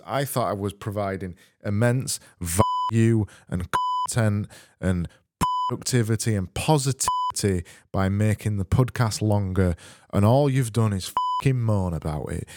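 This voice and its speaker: A man's voice: on the low side, moderate pace. A man hosting a comedy podcast, ranting sarcastically and swearing freely. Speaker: podcast host. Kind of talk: casual comedic podcast monologue.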